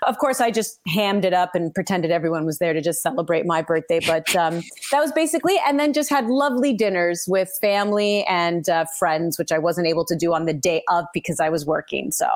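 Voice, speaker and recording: A woman's voice: fairly low pitch, fairly quick, hardly any pauses. A woman from Canada, a sportscaster, chatting casually as a podcast guest and acting out quotes as she tells stories. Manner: chatty, animated storyteller, acts out quotes.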